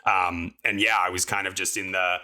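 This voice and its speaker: Young male podcast guest, deep but bright voice, chatty storyteller full of "like" and "um". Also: flat delivery, moderate pace. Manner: rambling, upbeat, lots of fillers like "like" and "um". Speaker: podcast co-host and guest recounting a climbing fall. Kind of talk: casual storytelling interview.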